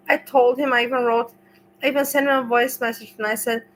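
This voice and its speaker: A woman's voice: a little high, steady tone, fairly quick, slight background noise, poor audio. Rambling, emotional woman streamer. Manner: rambling, emotional, swears freely. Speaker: livestream host. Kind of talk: casual livestream chat.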